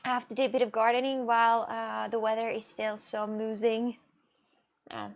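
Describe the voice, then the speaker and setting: A woman's voice: fairly high pitch, little pitch movement, normal speed, vocal fry. A young Russian woman with a Russian accent, chatting casually with viewers on her live stream, rambling and laughing often. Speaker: livestreamer.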